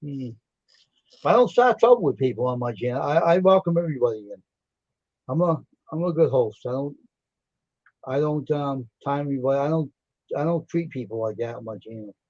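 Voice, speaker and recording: A man's voice: medium pitch, lively intonation, brisk, a little mellow, dry recording. A man hosting a livestream, joking around and telling blunt stories in casual chat. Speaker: livestream host. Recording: dull dry lo-fi stream audio.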